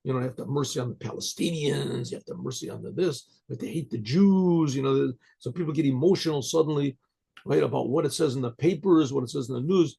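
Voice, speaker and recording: An older rabbi delivers a Torah lecture, translating Hebrew phrases into English and often pausing to ask "right?". His mid-range voice is warm and creaky with a breathy edge.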